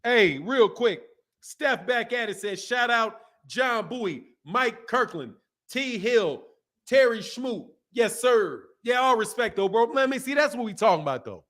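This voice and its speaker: A man's voice: extremely high pitch, animated, unhurried, fairly bright tone. A man from the Midwest hosting a boxing live stream, chatting loosely and joking while he reads chat comments aloud. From American Midwest. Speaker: boxing channel host.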